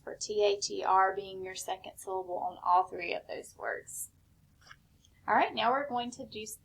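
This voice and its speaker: A woman teacher giving a recorded spelling lesson, slow and patient, step by step. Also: mid-range voice, vocal fry, slight background noise.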